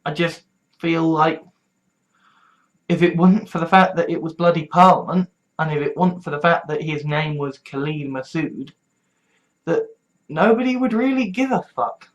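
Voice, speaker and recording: A young British adult ranting on a political vlog, swearing freely and sarcastic, with a stuffy nose, sometimes rising to a shout. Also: mid-range voice, moderate pace, low-quality recording. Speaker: political vlogger.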